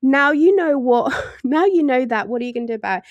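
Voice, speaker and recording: A woman's voice: high-pitched, lively intonation, brisk, no echo, lo-fi sound. Chatty woman reading tarot. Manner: chatty, laughs often, acts out voices in asides. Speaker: tarot reader.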